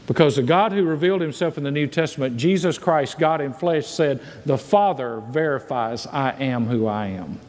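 A man's voice: a little high, in a large hall. A man preaching a sermon as pastor, reading and paraphrasing scripture with emphatic delivery.

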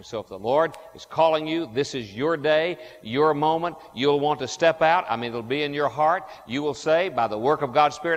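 A male pastor preaching a sermon in a church, asking the congregation questions and stressing key words slowly. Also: a little high. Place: church sanctuary. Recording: long hall reverb.

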